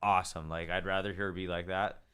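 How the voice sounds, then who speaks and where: Casting: low-pitched guest, bright, smooth tone, cocky and laid-back. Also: male voice, little pitch movement, a little fast. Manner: boastful, laid-back, swears. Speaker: podcast guest, extract maker. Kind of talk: casual chat.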